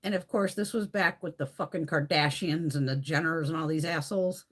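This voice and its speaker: A woman's voice: deep voice, a little fast, a bit bright. A woman hosting a beauty live stream from home, chatting casually with blunt, profane storytelling.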